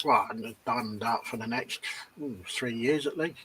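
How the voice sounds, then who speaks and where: A man co-hosting a casual livestream chat, teasing his partner with quick short interjections. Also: mid-range voice, a bit bright, far from the mic, a little hiss or hum. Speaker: livestream co-host.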